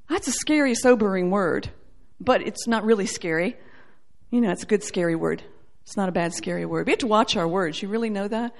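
A woman with a high voice preaches with real fervor, her delivery rising to ringing, forceful peaks and dropping to quiet, low asides. She acts out the people and voices she quotes as she goes. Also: moderate pace. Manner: animated, acts out quoted voices, swings between loud and soft. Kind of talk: sermon.

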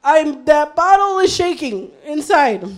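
A woman's voice: sits high, sing-song, measured pace. A woman preaching an impassioned sermon, her voice straining as she builds to fervent cries. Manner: fervent, rising to shouts and cries.

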